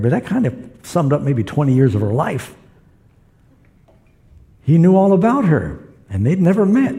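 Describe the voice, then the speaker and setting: A man's voice: on the high side, sing-song, normal speed, long pauses, warm tone. A man preaching a sermon, retelling scripture stories and acting out the voices in them. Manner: storytelling, acts out quoted voices.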